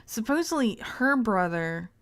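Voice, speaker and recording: A woman's voice: a little high, sing-song, unhurried, fairly bright tone. A woman streamer reading text aloud in casual live-stream commentary, breaking off into crude, joking asides and frequent laughs. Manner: laughs often.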